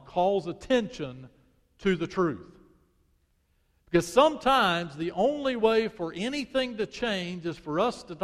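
A man preaching a sermon as pastor, swinging from loud emphasis to hushed prayer. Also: fairly high pitch. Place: church sanctuary. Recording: long church hall reverb.

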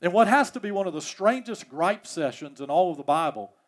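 High-voiced preacher, emphatic. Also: male voice, lively intonation, brisk. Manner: emphatic, repeats key phrases as rhetorical questions. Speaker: pastor. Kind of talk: sermon.

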